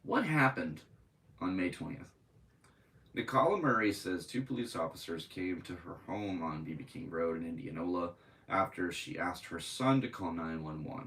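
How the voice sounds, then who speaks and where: A man's voice: deep voice, a bit bright, recorded from a distance, rough recording. A man hosting a podcast, reading news aloud and breaking into profane, angry commentary. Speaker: podcast host.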